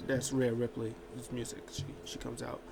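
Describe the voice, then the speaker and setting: A man's voice: mid-range voice, level tone, moderate pace, creaky, background noise. A man casually recapping a wrestling show, rambling with lots of filler words and restarts.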